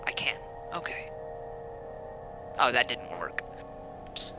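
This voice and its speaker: A man's voice: takes it slowly, over music, low-quality recording. A man chatting casually and swearing as a player in a tabletop game. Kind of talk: casual play chat.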